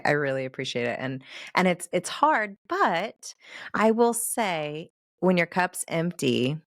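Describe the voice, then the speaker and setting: Low-voiced woman podcast host, dry sound. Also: dry recording. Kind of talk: conversational podcast talk.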